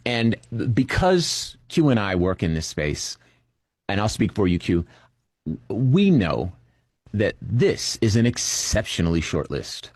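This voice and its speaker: A man giving political commentary on a reaction channel, measured and thoughtful, pausing and restarting as he thinks. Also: low-pitched, darkish tone, dry recording, studio quality.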